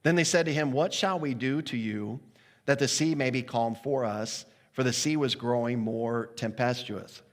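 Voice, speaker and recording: Animated preacher in a reverberant hall. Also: male voice, mid-range voice, moderate pace. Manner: animated, acts out the sailors' voices with laughs. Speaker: pastor. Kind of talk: sermon. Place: church sanctuary.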